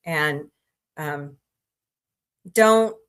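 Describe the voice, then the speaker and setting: A woman's voice: low voice, drawn-out words, smooth. A woman hosting a casual livestream, chatting, greeting viewers by name and rambling through asides. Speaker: livestream host.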